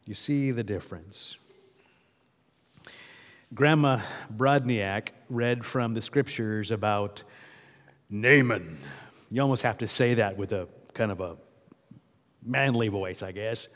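A man's voice: on the low side, unhurried, long pauses, long reverb tail. A male pastor giving a sermon in a conversational way, often asking the congregation questions.

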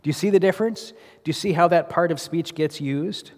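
Speaking a little fast in a slightly high, darkish voice, a pastor delivers a conversational sermon and quizzes the congregation. The church sanctuary adds long hall reverb.

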